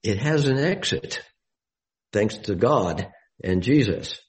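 A man giving a Bible study sermon, deliberate and explanatory, with emphatic rises on key words. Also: on the low side, expressive, rough recording.

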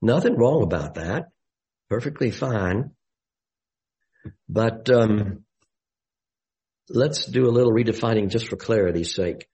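A man giving a Bible study sermon, deliberate and explanatory, with emphatic rises on key words. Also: fairly low pitch, animated, warm tone, poor audio.

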